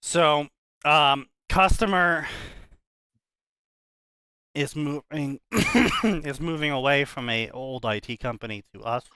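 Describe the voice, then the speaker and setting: A man's voice: a little high, slow pace, sharp tone, clean tone, dry recording. A man co-hosting a casual stream, talking in a rambling way with lots of restarts. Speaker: co-host of fanfiction commentary stream. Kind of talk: casual debate chat.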